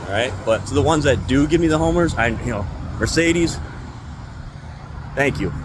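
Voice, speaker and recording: A man's voice: mid-range voice, expressive, moderate pace, background noise. Man ranting angrily about his job. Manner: angry, profane ranting. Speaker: retail store employee. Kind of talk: venting vlog.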